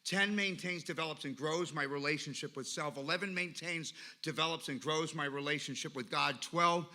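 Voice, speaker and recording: A man with a fairly high, bright, forceful voice speaks at a normal pace. He's sharing his recovery story at a meeting, telling it emphatically and leaning on repeated lists.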